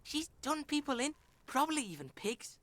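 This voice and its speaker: A woman's voice: sits high, very animated, normal speed, a bit bright. A woman voicing a foul-mouthed, swaggering street boy who talks about himself in the third person, in a video game. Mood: menacing.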